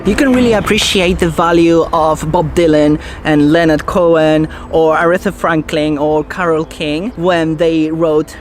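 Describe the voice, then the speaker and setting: A woman in a casual vlog, chatting outdoors in a forest and explaining songwriting. She talks in a chatty way, thinking aloud and asking herself questions. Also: on the low side.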